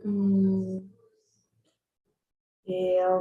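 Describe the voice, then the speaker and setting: A woman's voice: medium pitch, fairly even intonation, slow pace. A woman learning English in an online lesson, reading aloud hesitantly with many fillers over a video call. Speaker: English student. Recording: echoey, far from the mic.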